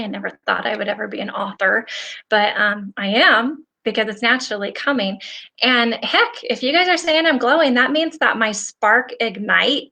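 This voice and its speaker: A woman's voice: mid-range voice, pushed and bright. A woman in her forties, a nail technician hosting a casual livestream, chatting in a rambling, upbeat, motivational way while reading viewer comments. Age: 40s.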